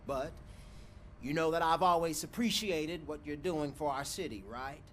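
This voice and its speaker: An actor playing a smooth-talking male big-city mayor with a slight Southern twang and a persuasive politician's delivery. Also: a little high, moderate pace, a bit bright, slight background noise, lightly acted.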